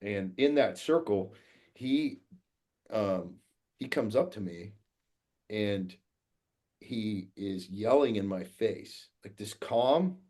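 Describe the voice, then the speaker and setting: Guy with a deep husky voice, talking casually and bluntly, lots of cussing. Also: slow, pauses often. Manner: blunt, profane, animated storyteller. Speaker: guest, fathers' coach. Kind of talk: casual podcast storytelling.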